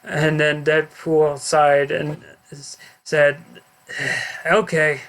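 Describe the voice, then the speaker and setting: A man with a slightly high voice reads out his own homemade story over gameplay. He reads haltingly, tripping over words and restarting as he goes. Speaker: narrator.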